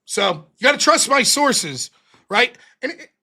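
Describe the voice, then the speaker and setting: A male live-stream host chatting casually, his voice high and bright with big swings in pitch. He slips into mocking imitations of others as he retells arguments, and says he is losing his voice. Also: big pitch swings, unhurried, slightly rough.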